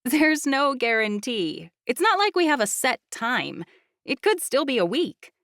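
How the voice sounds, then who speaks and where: A woman's voice: high voice, very animated, measured pace, a bit bright, no room sound, studio quality, voice pushed up, full character voice. A woman voicing an anxious young pregnant heroine in an audiobook.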